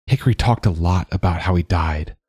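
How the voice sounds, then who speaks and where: A man voicing a calm, earnest young female recruit in an audiobook story. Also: low-pitched, fairly quick, husky, no room sound, studio quality.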